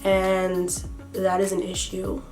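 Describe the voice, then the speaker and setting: A woman's voice: mid-range voice, completely flat delivery, slow pace, a little mellow, faint music behind. A slightly sick woman doing a makeup tutorial while recapping a reality show in blunt, profane, sassy commentary. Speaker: beauty vlogger.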